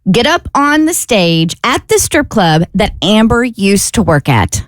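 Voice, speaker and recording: A woman's voice: medium pitch, sing-song, unhurried, no room sound. A woman co-hosting a morning radio show, playfully running a game for the crew. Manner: playful, explaining game rules. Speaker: radio co-host.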